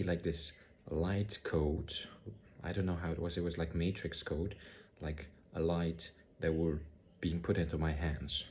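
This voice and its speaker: A man telling a personal spiritual story in a halting way, often repeating words and using many fillers. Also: deep voice, darkish tone, slight background noise. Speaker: spiritual vlogger. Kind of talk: personal testimony monologue.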